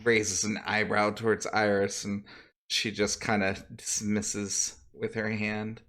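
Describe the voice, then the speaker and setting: A man's voice: lowish voice, level tone, slow, fairly bright tone. A man running a tabletop game as game master, narrating casually with laughing asides.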